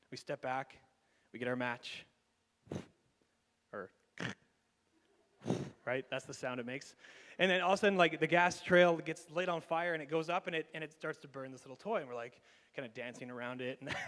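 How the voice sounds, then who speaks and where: Animated high-voiced pastor in a reverberant hall. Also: male voice. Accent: Canadian. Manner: animated, laughing storyteller with many restarts. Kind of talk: storytelling sermon. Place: church sanctuary.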